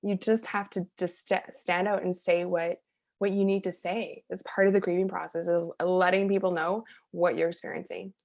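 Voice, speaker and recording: A woman's voice: fairly low pitch, flat delivery, normal speed, darkish tone. A woman being interviewed as a hypnotherapist and coach, telling personal stories in a candid, rambling way full of "like" and restarts. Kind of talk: conversational storytelling in an interview.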